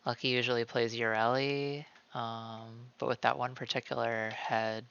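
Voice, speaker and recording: A man's voice: medium pitch, little pitch movement, a little slow, vocal fry, fairly bright tone, clear, resonant tone, muffled recording. A man streaming from home while he draws, rambling casually with lots of "like" and calling himself by name in the third person. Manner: rambling, many "like" fillers. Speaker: streamer drawing live. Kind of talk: casual chat while drawing. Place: at home, cat nearby.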